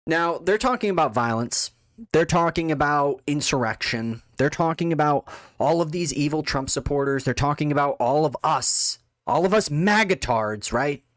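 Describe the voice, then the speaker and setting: A man's voice: on the high side, lively intonation, normal speed, no room sound. A man delivering an angry, contemptuous political rant, full of insults. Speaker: political commentator. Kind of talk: ranting monologue.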